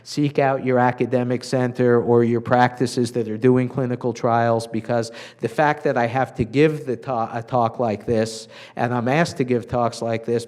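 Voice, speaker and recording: Man giving a measured medical lecture. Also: medium pitch, darkish tone. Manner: measured, earnest, frequent uh fillers. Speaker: physician lecturer.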